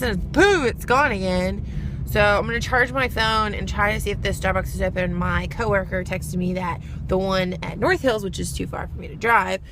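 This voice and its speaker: A young woman talks casually into her phone while she drives. She sounds exasperated and chatty and laughs easily. Her voice sits at a middling pitch, and a steady car rumble runs clearly underneath. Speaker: vlogger. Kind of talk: casual vlog chat. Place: in a car, driving through snow. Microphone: phone camera. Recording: car noise behind the voice.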